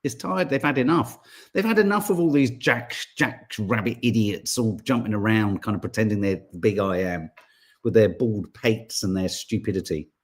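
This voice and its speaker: A man, hosting a podcast in casual chat and reading out viewer comments in a rambling, animated way. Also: lowish voice, moderate pace. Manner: rambling, animated, full of restarts and asides. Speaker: podcast host.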